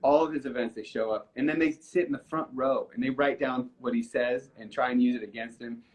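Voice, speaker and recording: A man's voice: mid-range voice, steady tone, rough recording. A musician in a casual live video chat, telling a story earnestly with many restarts and fillers, getting emotional as he goes. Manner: halting, with frequent restarts and fillers. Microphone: video call from a phone or computer.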